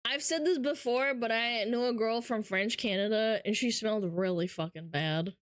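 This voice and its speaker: A woman streamer with a fairly high voice talks at a moderate pace from her home setup, with clean studio sound and no echo. She chats casually and reads out live comments, playful and teasing, giggling frequently.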